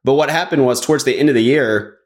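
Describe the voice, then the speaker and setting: A man's voice: mid-range voice, quick pace. A man chatting casually as a podcast guest, rambling along with lots of "like" fillers. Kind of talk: casual chat.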